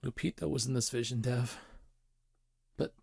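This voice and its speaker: A man's voice: medium pitch, moderate pace, gravelly, darkish tone, slightly rough, dry recording, studio quality, voice pushed up. A man voicing an anxious, psychic young male coyote who talks in shaky, breathless pleas. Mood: earnest.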